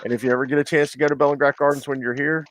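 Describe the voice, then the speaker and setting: A man's voice: on the high side, level tone, rapid-fire, a bit bright. Rambling man with a Southern accent. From Mobile, Alabama. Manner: rambling, hesitant with many fillers. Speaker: guest friend. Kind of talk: casual chat.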